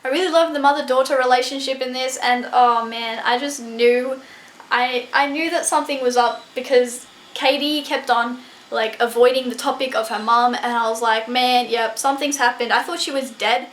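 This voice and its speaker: Excitable young woman gushing about a book. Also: sits high, moderate pace, slight background noise. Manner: excitable and gushing, peppered with "like" and swearing. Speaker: book reviewer. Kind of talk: casual book review vlog. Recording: echoey room.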